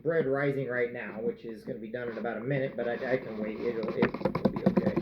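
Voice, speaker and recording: A home cook in a casual cooking vlog makes bread in his kitchen, talking briskly in a steady, medium-pitched voice. Goofy and playful, he jokes and sings to himself as he kneads the dough. The audio has room echo, background noise, and missing highs.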